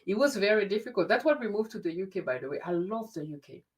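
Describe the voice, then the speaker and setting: A woman hosting a casual conversation, telling stories in an animated way and often restarting her sentences. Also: mid-range voice, fast. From grew up in France. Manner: animated storyteller with frequent restarts. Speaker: host. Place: lives in the UK.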